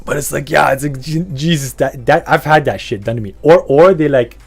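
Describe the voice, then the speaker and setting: A man's voice: fairly high pitch, a little fast, creaky, husky, soft background music. A man hosting a podcast, rambling through a profane, casual rant and laughing often. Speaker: podcast host.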